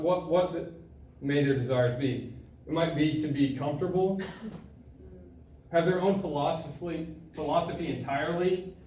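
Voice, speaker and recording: A young man giving a sermon to a student group, telling a personal story in a casual, animated way with frequent laughter. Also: mid-range voice. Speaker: student speaker. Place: large room at a student gathering. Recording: echoey room, from far off, faint noise.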